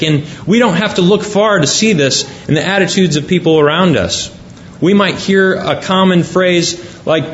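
A man's voice: a little high, lo-fi sound, a little hiss or hum. A man preaching a sermon, reading scripture aloud and explaining it point by point.

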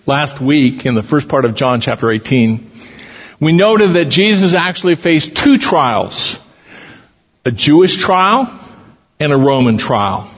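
A man's voice: on the high side, very animated, measured pace. A man, a pastor, reading scripture aloud with dramatic lifts for the quoted lines, then teaching from it in a church. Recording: long hall reverb, dull lo-fi sound.

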